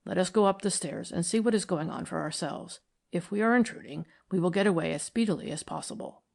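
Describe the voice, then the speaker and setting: A woman voicing a cautious gentleman companion who speaks in a level, formal way in an audiobook. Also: high voice, fairly quick, vocal fry.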